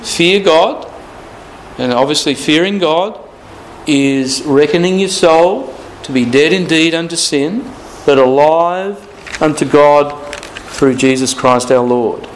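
Male preacher, slightly high voice, deliberate and repetitive, drawn-out scripture reading. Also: slight background noise, rough recording. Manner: slow and deliberate, repeating key phrases, stretching scripture quotes. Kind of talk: Bible teaching sermon.

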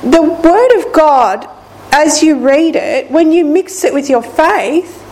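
A woman teaching from the Bible, speaking slowly and deliberately and repeating key lines of scripture. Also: high-pitched, expressive, a little mellow, low-quality recording. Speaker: preacher.

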